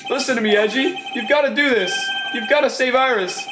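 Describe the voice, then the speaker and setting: A man voicing a loud, lovesick young goofball who whines and brags. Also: very high-pitched, a little fast. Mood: boastful. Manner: brash, whiny, boastful. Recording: loud game music behind.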